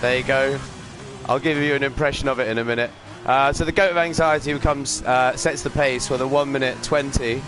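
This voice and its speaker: A man giving upbeat live commentary on a sim racing league stream, chatting with viewers and filling pauses with ums and uhs. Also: mid-range voice, steady tone. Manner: greets chat viewers while commentating.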